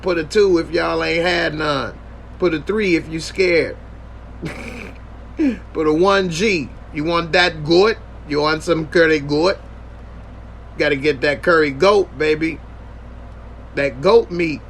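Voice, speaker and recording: Gravelly joking podcast host, man. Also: a little high, slow pace, long pauses, fairly bright tone, slight background noise. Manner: joking, slangy, thanks viewers. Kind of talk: casual livestream chat.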